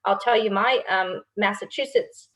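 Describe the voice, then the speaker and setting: A woman's voice: mid-range voice, normal speed, a bit bright. Friendly Southern woman introducing herself on a webinar. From North Carolina. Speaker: state program team leader. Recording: dull lo-fi video call audio.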